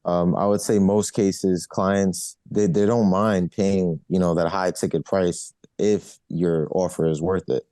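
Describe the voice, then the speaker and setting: A man with a very deep, mellow voice talks easily as an interview guest, looping back with "you know" and restarting his sentences. The sound is close and dry. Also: unhurried, few pauses, no echo. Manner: relaxed, repeats "you know" and restarts often. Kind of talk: casual interview answers.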